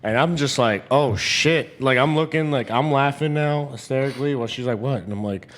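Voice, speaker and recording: A man's voice: mid-range voice, fast talker. A young man, back from the military, telling crude stories between bursts of laughter in a casual podcast chat. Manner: storytelling, laughing often, crude and loose.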